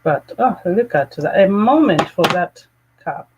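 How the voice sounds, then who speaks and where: A woman hosting a live fragrance chat, gushing with excitement and greeting viewers by name. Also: on the low side, measured pace, highs cut off, noisy background. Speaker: fragrance channel host.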